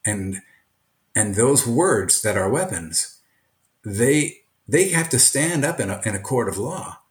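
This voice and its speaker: An older man from Brooklyn, a retired teacher and author, answering interview questions earnestly, often halting and restarting. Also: mid-range voice, animated. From Brooklyn, USA. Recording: echoey room.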